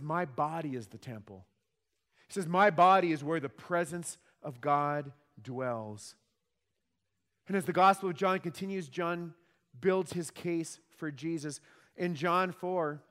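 A man preaching a sermon with emphatic delivery and rhetorical questions. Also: fairly high pitch. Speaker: pastor. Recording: long hall reverb.

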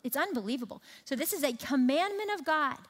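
A high-voiced woman delivers a sermon with emphatic, rhythmic repetition. Her voice carries a long reverb, as in a large hall. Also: lively intonation, a little fast. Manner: emphatic, repeats phrases for rhythm. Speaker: speaker at a church teaching session.

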